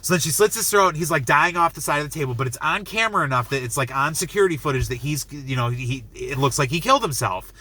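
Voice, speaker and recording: A young man reviewing a film, retelling the plot in an excited, rambling way full of "like" and acting out lines. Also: a little high, fast talker, few pauses. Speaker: movie reviewer. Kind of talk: enthusiastic movie review.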